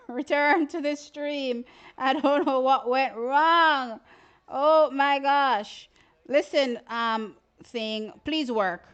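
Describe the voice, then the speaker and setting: A woman, hosting a casual livestream and commenting on sprint races in an animated, exclamatory way. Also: sits high, smooth. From Jamaica. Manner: animated, exclamatory, often says "child". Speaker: livestream host. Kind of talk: casual live-stream sports commentary.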